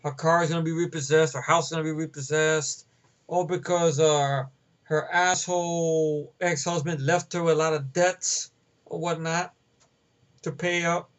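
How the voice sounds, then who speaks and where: High-voiced rambling man ranting. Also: little pitch movement, normal speed, dull audio. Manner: rambling, profane, many fillers. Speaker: movie reviewer. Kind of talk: casual movie rant.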